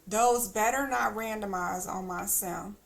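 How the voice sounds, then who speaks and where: A woman's voice: mid-range voice, unhurried, gravelly. A woman streamer chatting casually as she plays, thinking aloud with teasing asides. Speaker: game streamer. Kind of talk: casual gameplay commentary.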